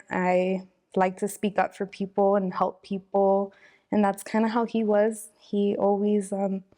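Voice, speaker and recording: A young woman speaks in an interview, her voice staying flat and even. She talks casually and from the heart, filling her sentences with "like" and "um". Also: mid-range voice. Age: 20s. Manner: casual, heartfelt, many fillers like "like" and "um". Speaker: interviewee, victim's daughter. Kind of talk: emotional personal interview.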